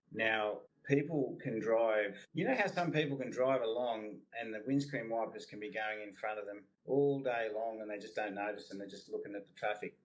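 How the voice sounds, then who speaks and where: Low-voiced horseman, easygoing. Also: low-quality recording. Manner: relaxed, explains with everyday comparisons. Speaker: horse trainer, guest. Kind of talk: casual interview answers.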